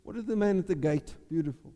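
A man preaching a sermon, acting out Bible voices with animated delivery. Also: high-pitched, fast talker. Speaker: pastor. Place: church. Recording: long hall reverb.

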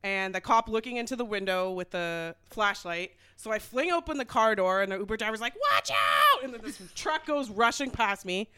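A young woman co-hosting a podcast, telling a story in a dramatic, animated casual chat. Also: medium pitch, fairly quick, few pauses, clean tone. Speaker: podcast co-host.

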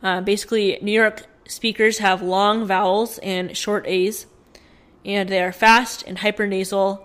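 Give me a woman podcast co-host casually reading out news stories, mid-pitched and chatty. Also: little pitch movement, unhurried, fairly bright tone. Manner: chatty, reads from notes with fillers.

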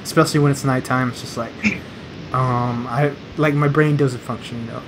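A man's voice: mid-range voice, steady tone, moderate pace, noisy background. A man co-hosting a casual late-night podcast, rambling and laughing as he tells stories. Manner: rambling, laughs often, mimics voices. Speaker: podcast co-host. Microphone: podcast mic.

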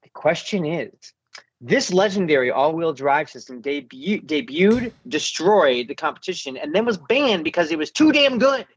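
A man's voice: on the high side, lively intonation, moderate pace, breathy edge. Playful man hosting a car quiz. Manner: playful, reads clues aloud. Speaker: quiz host. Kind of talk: casual game hosting. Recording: muffled lo-fi audio.

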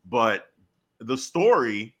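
A man co-hosting a live talk stream in loose, animated casual chat, laughing often. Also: mid-range voice, extremely slow, breathy edge. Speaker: co-host of a wrestling talk stream.

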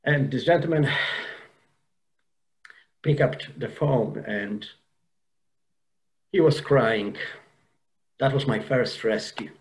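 A man's voice: mid-range voice, slow, long pauses, low-quality recording. Earnest man telling an emotional story. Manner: earnest, emotional, with frequent restarts and repeated words. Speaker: podcast guest. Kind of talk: personal storytelling in an interview.

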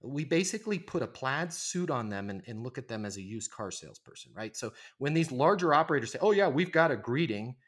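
A man's voice: medium pitch, expressive, fast, few pauses, a bit bright, slightly rough. Man in his forties, sales-trainer guest on a podcast, emphatic and persuasive, keeps checking in with "right?". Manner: emphatic, persuasive, frequent "right?" tag questions. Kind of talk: conversational podcast interview.

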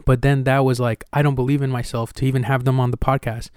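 A man's voice: mid-range voice, level tone, quick pace, darkish tone, smooth, dry recording, studio quality. Candid, slangy male podcast host. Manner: candid, swears casually, slangy; acts out retold dialogue with energy. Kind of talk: casual podcast conversation.

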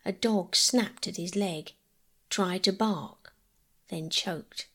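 A woman storyteller reading a classic children's novel aloud as a calm bedtime story. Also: on the low side, slow pace.

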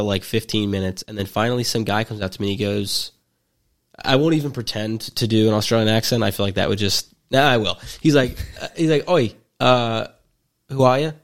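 Guy in his 20s rambling thru a story, kinda low and gravelly, lots of um and uh, wry jokey vibe. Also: brisk, fairly bright tone. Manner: rambling, full of fillers and restarts. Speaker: podcast storyteller. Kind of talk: casual chat.

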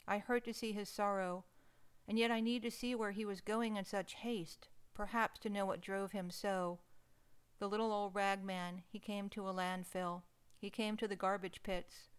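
A woman narrating a first-person story in an expressive, emotional reading. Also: mid-range voice, clear, resonant tone.

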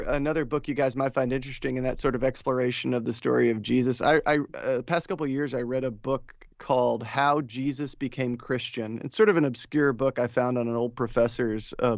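A man talking as a podcast guest in casual chat, thoughtful and measured, with some hesitation. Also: medium pitch, no echo. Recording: dry, slightly dull audio.

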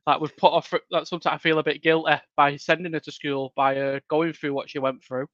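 A man, a home-educating dad talking as a podcast guest, animated and laughing often. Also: on the high side, brisk, no echo. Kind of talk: casual interview chat. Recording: dull lo-fi dry sound.

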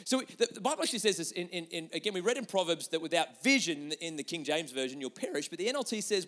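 A man preaching a sermon with lots of energy, moving between loud emphatic lines and quiet, intimate asides. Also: on the high side, sing-song, fast talker. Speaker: pastor. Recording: long hall reverb.

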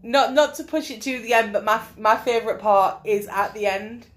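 A woman's voice: a little high, moderate pace, slight background noise. A woman co-hosting a casual film chat, teasing her friends with sweary banter. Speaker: podcast co-host.

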